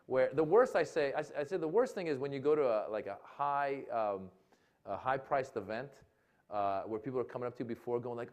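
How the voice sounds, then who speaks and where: A male comedian telling a long anecdote at a live talk event, acting out voices and shouting for laughs. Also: medium pitch, expressive, fairly quick. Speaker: comedian guest. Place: lecture event with audience.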